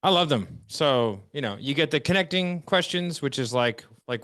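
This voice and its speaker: A man's voice: fairly high pitch, lively intonation, normal speed, fairly bright tone, dry recording. Dry-sounding man co-teaching a seminar. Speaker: co-trainer. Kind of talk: seminar discussion.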